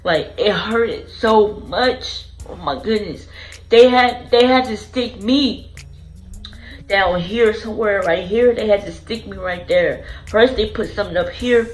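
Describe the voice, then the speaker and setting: A woman's voice: medium pitch, unhurried, soft background music, poor audio. A woman vlogger telling her own story in an earnest, emotional way, going back over phrases as she remembers. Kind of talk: personal storytelling to camera.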